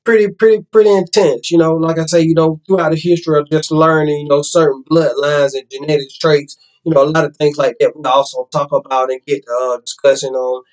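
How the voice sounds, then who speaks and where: A man's voice: fairly high pitch, level tone, a little fast, hardly any pauses, low-quality recording. Rambling man hosting a dog vlog. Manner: rambling, repeats "like I say" and restarts often. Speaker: host. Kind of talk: casual vlog talk.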